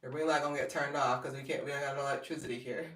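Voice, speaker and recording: A woman's voice: racing, noisy background. Chatty woman vlogger, echoey and distant. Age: 30s. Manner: animated storytelling, jumps high when quoting people; laughs often, chatty asides to viewers. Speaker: fashion and hair vlogger. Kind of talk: casual live-stream chat. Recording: roomy, set back from the mic.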